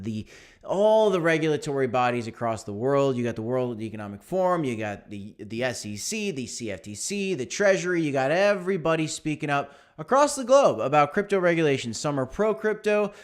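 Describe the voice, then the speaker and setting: A man hosting a casual livestream, talking in an animated, emphatic way that repeats phrases. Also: fairly high pitch. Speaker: livestream host.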